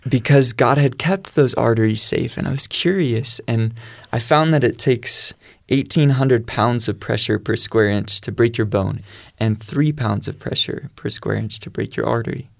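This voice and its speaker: A man's voice: medium pitch, normal speed, gravelly, no echo, clean studio sound. A man telling his faith testimony in an earnest, storytelling way. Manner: earnest storytelling, quotes his own prayers. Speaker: guest sharing testimony.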